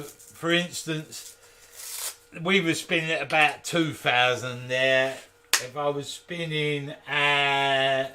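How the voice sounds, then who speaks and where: Bright-voiced chatty man in a workshop. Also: fairly high pitch. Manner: chatty, jokey asides to viewers. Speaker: woodturner and channel host. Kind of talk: casual live workshop demonstration. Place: home workshop.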